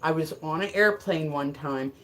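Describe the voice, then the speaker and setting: A woman's voice: deep voice, normal speed, a bit bright. A woman live streaming in a casual, rambling, frank and joking way, with lots of filler words.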